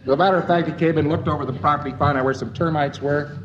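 A man's voice: fairly high pitch, steady tone, very fast, noisy background. A man giving a lecture in a folksy, wry, rambling way. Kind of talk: lecture to a live audience. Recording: dull lo-fi old lecture tape.

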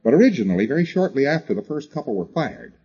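A man lectures a class in a husky, mellow voice whose pitch swoops up and down with emphasis. He talks conversationally and hammers points home by repeating words and tossing in "you see" asides. The sound is a dull, lo-fi tape recording. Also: big pitch swings, quick pace.

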